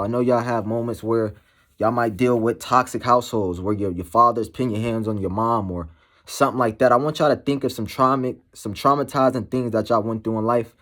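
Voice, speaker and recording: A man speaking candidly to camera as a motivational vlogger, halting and slangy, full of "you know" fillers. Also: mid-range voice, fairly even intonation, fairly bright tone. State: emotional, shaken. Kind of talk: candid personal monologue to camera.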